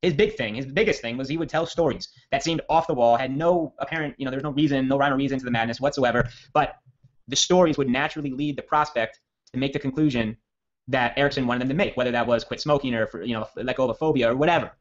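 A man talks fast through a casual copywriting lesson, spinning a long anecdote with plenty of restarts and asides. His voice sits at an ordinary middle pitch. The audio is dull and lo-fi. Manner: rambling, self-correcting, energetic storyteller. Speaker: copywriting trainer. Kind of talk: casual training talk with storytelling.

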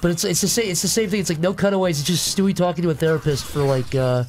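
A man's voice: high voice, very fast, a little hiss or hum. A young man co-hosting a let's play, joking and giggling in casual banter. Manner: giggly, jokey, slips into silly voices.

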